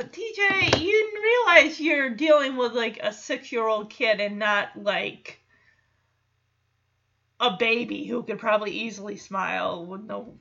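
A woman casually recapping a show episode, animated and often laughing, acting out the characters in quick asides. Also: on the high side, creaky. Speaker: recap commentator. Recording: lo-fi muffled audio.

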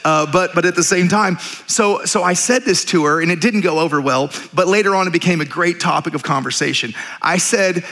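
A man preaching a sermon as pastor, telling stories with animated, jokey asides. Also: high voice, a little fast, few pauses. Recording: reverberant church hall.

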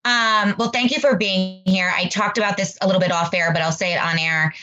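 Brief: woman podcast host, warm rambling storyteller, slightly dull audio. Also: medium pitch, steady tone, fairly quick. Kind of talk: casual interview chat.

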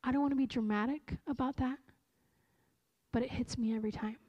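A woman preacher giving a sermon in an earnest, slow and emphatic way, often correcting herself mid-phrase. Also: sits high, steady tone, lo-fi sound.

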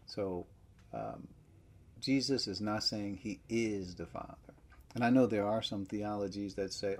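A man preaching a sermon, emphatic, with loud stresses that drop to near-whispers. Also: lowish voice, expressive, unhurried.

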